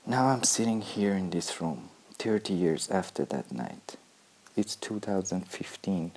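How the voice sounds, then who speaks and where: A man in his thirties performing an intense, deliberate spoken-word monologue that drops at times to a whisper. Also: deep voice, expressive, darkish tone, rough recording.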